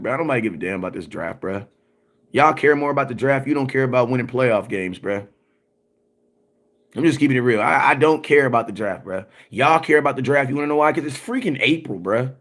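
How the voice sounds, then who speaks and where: A man's voice: mid-range voice, fairly bright tone. Emphatic man ranting on a sports stream. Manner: emphatic and repetitive, slangy, often asks "you know what I'm saying"; answers viewer comments as they come in. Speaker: sports content creator hosting a livestream. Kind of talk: animated livestream rant.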